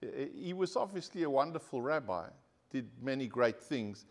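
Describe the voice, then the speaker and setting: A man's voice: mid-range voice, lively intonation, normal speed. A male pastor preaching a sermon to his congregation, earnest and direct, asking the people for an amen. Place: church.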